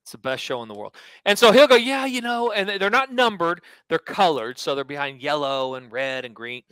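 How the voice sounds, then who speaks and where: A man hosting a sports podcast, telling a story in a casual, animated way and acting out quotes. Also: on the high side, brisk, clean tone, no echo, poor audio. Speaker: podcast host and sports handicapper.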